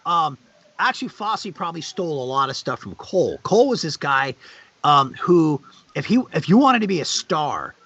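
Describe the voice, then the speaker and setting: A middle-aged man chats on a live stream, his husky, bright voice jumping all over the place as he tells stories. He breaks into loud, squeaky quoted lines along the way. The audio is dull and lo-fi. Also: moderate pace. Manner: animated anecdotes with loud high-pitched acted quotes. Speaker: guest on a charity live stream. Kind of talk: casual chat, storytelling.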